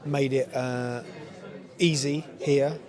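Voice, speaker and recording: A man's voice: mid-range voice, steady tone, slow pace, a crowd in the background. A man in his fifties, a lead actor chatting casually in an interview, rambling and full of "you know" and laughter. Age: 50s. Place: busy event venue at a screening.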